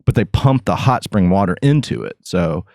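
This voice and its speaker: A man hosting a podcast in casual chat, goofy and laughing as he tells loose stories while high. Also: expressive, moderate pace, darkish tone, dry recording, clean studio sound. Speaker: podcast host.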